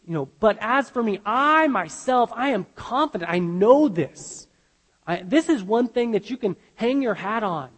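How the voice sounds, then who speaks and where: A pastor with a voice that sits high for a man preaches earnestly and emphatically, often breaking off to restart a sentence. The long reverb of a large hall rings around his words.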